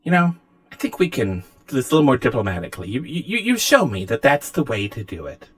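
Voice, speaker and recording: A man voicing a scheming female AI with a polite, quietly menacing manner. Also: mid-range voice, sing-song, fast talker, slightly rough. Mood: diplomatic. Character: scheming female AI, smug and falsely sweet.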